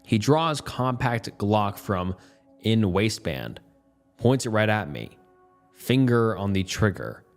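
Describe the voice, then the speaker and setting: Low-voiced man narrating a tense story. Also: big pitch swings, slow pace, creaky, soft background music. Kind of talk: first-person story narration.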